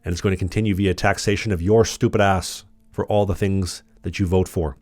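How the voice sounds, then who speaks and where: A very low-voiced man ranting into the camera with blunt, combative sarcasm, hammering his points over and over. The sound is close and dry with no room around it. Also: fairly even intonation, fairly quick, darkish tone, no room sound. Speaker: political commentary channel host. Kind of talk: ranting political monologue.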